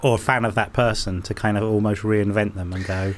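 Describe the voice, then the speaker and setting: A man chatting casually as a podcast co-host, throwing in quick questions and reactions. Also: on the low side, little pitch movement, a little hiss or hum. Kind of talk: casual chat.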